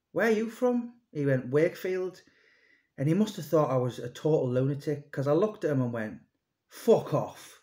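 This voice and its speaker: A man's voice: medium pitch, darkish tone. A man in his thirties, an author and publisher, rambling conversationally about his books with many fillers and restarts. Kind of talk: casual monologue to camera.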